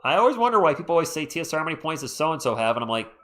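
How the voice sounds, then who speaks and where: A man's voice: fairly high pitch, very animated, rapid-fire, fairly bright tone. Tired guy doing casual live sports commentary from home, drowsy and chill, chatting with viewers. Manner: tired, laid-back, yawning, chatty asides to viewers. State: sleepy. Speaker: live play-by-play streamer.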